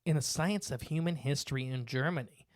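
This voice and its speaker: This male podcast co-host has a mid-range voice and moves fairly quickly, reading facts from his notes and rambling with fillers and restarts. The close-mic recording is dry, with no echo.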